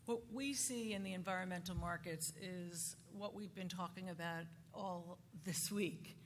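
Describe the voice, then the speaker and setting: A woman speaking on a conference panel, halting and often restarting her sentences. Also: on the low side. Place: conference hall. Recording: conference hall reverb, faint noise.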